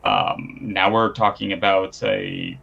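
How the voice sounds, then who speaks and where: Slow, gravelly tabletop player. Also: male voice, low voice, flat delivery, pushed and bright, muffled recording. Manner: measured, formal, halting. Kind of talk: live-play tabletop game.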